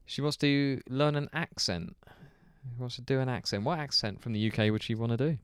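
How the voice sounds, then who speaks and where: Guy running through listener questions, clean smooth voice, laughs a lot. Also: mid-range voice, normal speed, no room sound, studio quality. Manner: steers the talk, laughs easily. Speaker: podcast co-host. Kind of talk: casual chat, reading out listener questions.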